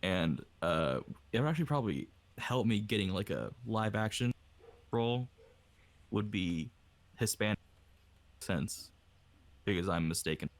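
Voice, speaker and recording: A man's voice: lowish voice, lively intonation, normal speed, pauses often. A man chatting casually on a podcast about the accents he can do, crude and joking. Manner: joking, crude, mock ad reads. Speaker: podcast guest voice actor. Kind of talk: casual group chat.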